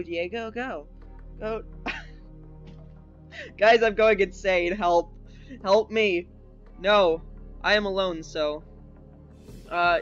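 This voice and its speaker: A man's voice: sits high, a bit bright, highs cut off. A young man chatting through a game for his channel, rambling and joking at himself, with nervous yelps for help. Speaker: gaming YouTuber. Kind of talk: casual let's-play commentary. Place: home computer desk. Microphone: desk microphone. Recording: faint game music behind.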